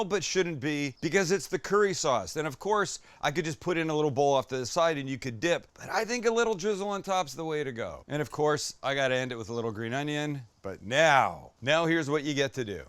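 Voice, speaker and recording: A man hosting a casual cooking demonstration, excitable and chatty, swearing when delighted and talking straight to the viewer. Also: fairly high pitch, fairly quick, hardly any pauses, clean tone, no echo. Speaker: cooking show host.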